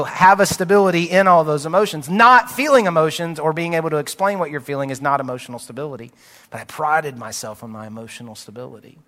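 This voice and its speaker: A pastor in his late thirties gives a sermon in a candid, conversational way, his voice pitched a little high with a bright, forward edge. He often lets his voice sink low and soft. A long reverb from the big sanctuary trails every phrase. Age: late 30s. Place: church sanctuary. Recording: long reverb of a large hall.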